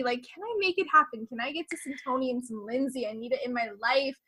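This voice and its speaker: A woman's voice: high-pitched, lively intonation, fairly quick, hardly any pauses, bright, forceful tone. A young woman hosting a podcast in an effusive, gushing casual chat, dropping mild swears. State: pregnant. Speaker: podcast host.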